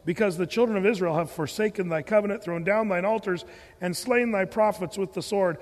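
A man's voice: high-pitched, moderate pace. A man preaching a sermon, joking and acting out the voices he quotes. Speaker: pastor. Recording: long hall reverb.

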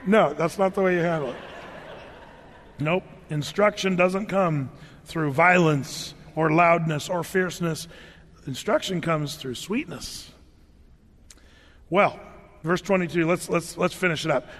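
A man preaching a conversational verse-by-verse sermon, reading scripture aloud and swinging between hushed and loud. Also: high-pitched, moderate pace. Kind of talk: sermon, verse-by-verse Bible teaching. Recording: long reverb of a large hall.

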